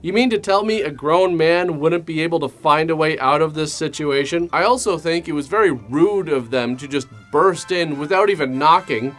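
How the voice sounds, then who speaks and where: A man hosting a comedic movie review, with a slightly high and very lively voice. He delivers sarcastic, deadpan asides over faint background music. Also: moderate pace, hardly any pauses.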